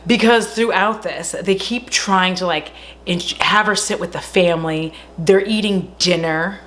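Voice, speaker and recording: A young woman host at home retelling a horror movie casually, chatty and animated, swearing often and full of "like" fillers. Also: lowish voice, a little slow.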